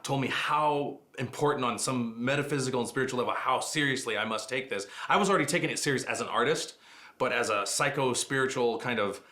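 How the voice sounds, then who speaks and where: Fast, bright-voiced male voice actor. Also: mid-range voice. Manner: fast, animated anecdotes with quick asides. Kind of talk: casual interview storytelling.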